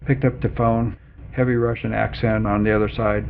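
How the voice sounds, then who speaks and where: Older male interviewee, gravelly storyteller, thin phone-like audio. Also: on the low side, normal speed. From Canada and Colorado. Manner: animated storyteller who quotes other people in dialogue. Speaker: interviewee, former chief executive. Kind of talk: oral history interview storytelling. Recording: phone-like narrow band with faint noise.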